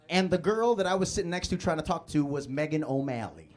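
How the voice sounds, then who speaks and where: A young man from Chicago doing a live stand-up set in a comedy club, telling a story with animated delivery and stammered restarts. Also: fairly high pitch, fast, hardly any pauses, slight background noise.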